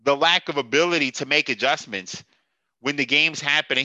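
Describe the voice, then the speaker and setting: A man's voice: fairly high pitch, brisk, bright, forceful tone, no room sound. A man hosting a sports podcast, ranting with profanity and sarcasm and laughing at his own jokes. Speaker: podcast host. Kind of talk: heated sports podcast rant.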